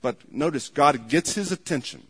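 A man's voice: fairly high pitch, expressive, normal speed, slightly rough. A man preaching a sermon as a pastor, telling stories with acted quotes and repeating words as he goes. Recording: long hall reverb.

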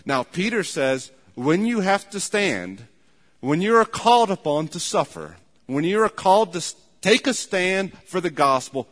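A man's voice: on the high side, fairly bright tone. Man preaching in a reverberant church. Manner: earnest preaching, repeats phrases, voices imagined people. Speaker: pastor. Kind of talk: sermon. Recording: long hall reverb.

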